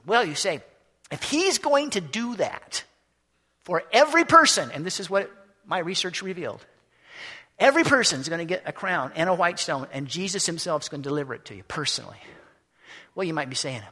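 A man preaching a storytelling sermon to a congregation, animated and acting out the scenes he describes. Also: sits high, fairly quick, breathy edge. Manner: animated, acts out scenes in voices. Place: church or hall. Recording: echoey hall.

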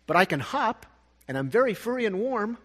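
Man doing a high, husky little boy bunny, lonely and weepy, long reverb. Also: sing-song, brisk, fairly bright tone, heavily acted. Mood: pleading. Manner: tearful, pleading, rising high. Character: small sad lonely young bunny, male.

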